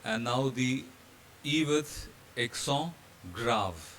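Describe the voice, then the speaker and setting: A mid-pitched man from India teaches step by step, spelling out letters and pausing on fillers as he moves through his slides. His steady voice sits over a faint background hiss. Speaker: hotel training instructor. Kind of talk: slide-based pronunciation lesson.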